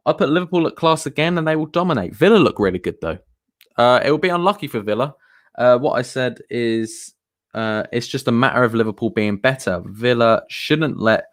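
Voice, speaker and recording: A man's voice: medium pitch, no echo, clean studio sound. Chatty man rambling on stream. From England. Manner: rambling, chatty, reads out viewer comments. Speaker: football streamer. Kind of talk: live stream chat.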